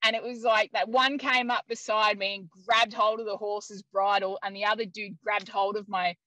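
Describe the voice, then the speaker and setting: Woman guest chatting away, bright tense voice, dry close sound, lots of likes and laughs. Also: medium pitch, normal speed, no room sound, rough recording. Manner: lively, laughs often, many "like" fillers. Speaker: interview guest. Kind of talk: conversational storytelling.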